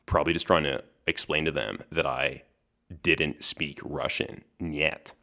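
A young man hosts a podcast solo, casually telling a story in a chatty way, laughing between lines and restarting words. His voice is very deep, creaky and sharp, with fairly even intonation and a slightly slow pace.

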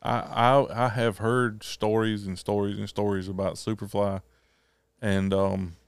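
A man hosting a podcast in casual chat. His voice is off, and he rambles and clears his throat. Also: lowish voice, little pitch movement, unhurried, no echo. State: throat catching, voice off. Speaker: podcast host.

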